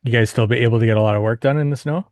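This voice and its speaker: Man firing quick curious questions. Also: mid-range voice, darkish tone, no echo. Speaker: podcast co-host. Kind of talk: casual chat.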